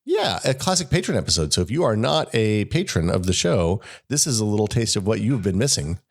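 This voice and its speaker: A man co-hosting a podcast while sick, his voice gravelly and hoarse. He rambles casually, restarting sentences and joking at his own expense. His pitch sits very low. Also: sing-song, a little fast. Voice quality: gravelly, deep. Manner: rambling, self-deprecating, many restarts. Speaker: podcast co-host. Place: room at home.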